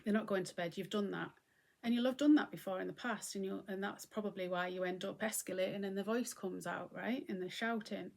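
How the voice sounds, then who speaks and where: A middle-aged woman giving a gentle, conversational talk on mindfulness and acceptance as host. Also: mid-range voice, brisk, gravelly. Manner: gentle, conversational, often acting out what she would say.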